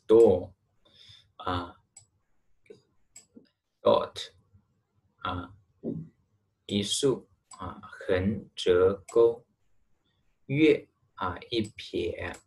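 A man with a Chinese accent teaches Chinese pronunciation, explaining haltingly with many fillers and drilling syllables aloud. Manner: drills syllables in a higher, careful voice. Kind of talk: online language lesson.

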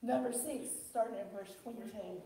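A woman pastor from the American South with a country twang, preaching a sermon with call-and-response and rising shouts. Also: a little high, normal speed. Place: church sanctuary. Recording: echoey church from far off.

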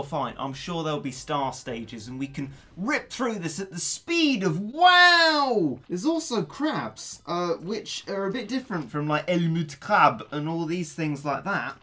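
Gaming host, lively swooping pitch, excitable, mutters then yelps. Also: male voice. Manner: excitable, swings from low mutters to loud yelps. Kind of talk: casual gameplay commentary.

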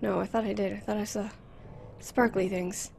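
A woman commenting on a horror game as she plays it, close to a desk microphone, nervous and repeating words in quick bursts. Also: mid-range voice, fairly even intonation, creaky, a little mellow, a little hiss or hum. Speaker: gameplay commentator.

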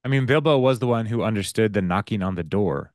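A man's voice: on the low side, expressive, fast talker, darkish tone. A man co-hosting a podcast over a video call, with dry humor, nudging the talk along and correcting details. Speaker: podcast co-host. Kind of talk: casual chat about a book.

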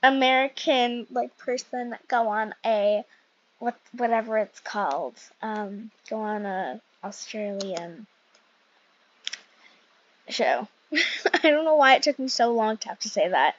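A young woman giving rambling, excitable commentary while playing a video game, with many fillers. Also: mid-range voice, takes it slowly, pauses often, dry recording, highs cut off. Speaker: gaming youtuber. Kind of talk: casual gameplay commentary.

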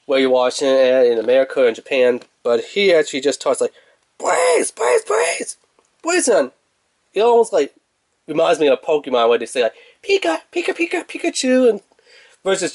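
A man's voice: mid-range voice, a little mellow, no room sound. A young man casually reviewing toys, rambling and chatty and laughing at his own jokes. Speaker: toy reviewer.

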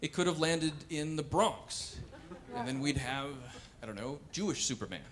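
A man performing wry, animated stand-up comedy on a cultural center stage. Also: a little high, moderate pace. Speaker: comedian and pianist.

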